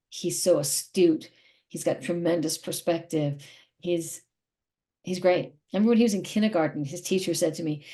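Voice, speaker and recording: A woman's voice: lowish voice, mellow. A middle-aged woman speaking candidly as an interview guest, emotional and rambling, often repeating herself.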